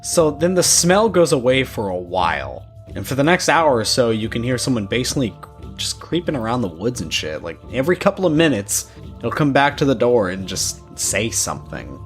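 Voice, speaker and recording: Animated man reading a scary story. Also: mid-range voice, moderate pace, soft background music. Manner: casual, profane storytelling with asides. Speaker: podcast co-host.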